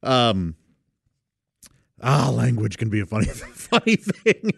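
A man's voice: mid-range voice, sing-song, slow pace, gravelly, husky, no room sound, studio quality. A man casually telling a personal anecdote, rambling and correcting himself, and chuckling often as he goes. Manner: rambling, self-correcting delivery.

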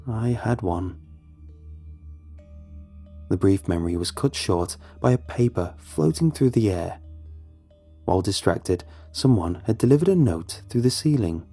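Husky young man narrating horror, dark-toned. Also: fairly low pitch, very animated, normal speed, faint music behind. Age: young adult. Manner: tense, brooding first-person storytelling. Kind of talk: scripted horror story narration.

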